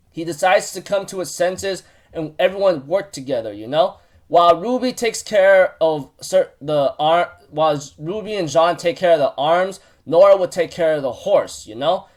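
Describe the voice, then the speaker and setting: Male host, higher-pitched voice, casual rambling recap with excitable bursts. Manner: rambling, many fillers and restarts.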